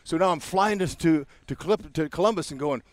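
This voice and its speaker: Excitable older man spinning baseball yarns. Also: on the high side, a little fast, no echo. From California, USA. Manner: excitable, acts out every voice in his stories, peppers talk with "man". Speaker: guest, baseball broadcaster. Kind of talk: animated storytelling interview.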